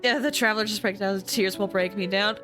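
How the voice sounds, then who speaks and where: A young woman streams a game at a fast clip, talking to herself and her chat while holding back tears. Her mid-range voice keeps a steady tone despite the emotion, and music plays in the background.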